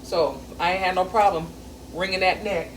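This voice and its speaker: A middle-aged woman talks her way through a home cooking session, folksy and blunt, wandering off into family stories. Her voice rings around a bare kitchen and sits well back from the mic. Frying food sizzles loudly under her words. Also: fairly low pitch, steady tone, normal speed, a little hiss or hum. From American South. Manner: chatty, earthy and profane, with folksy grammar and storytelling tangents. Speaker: home cook vlogger. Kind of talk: casual cooking vlog chat. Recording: echoey kitchen, mic at a distance, sizzling pan.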